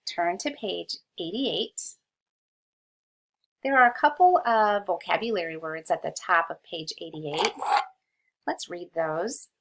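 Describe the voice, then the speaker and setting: In a rough recording, a woman with a medium-pitched voice reads a history lesson aloud for children. She takes it slowly, patiently sounding out each word so young readers can follow.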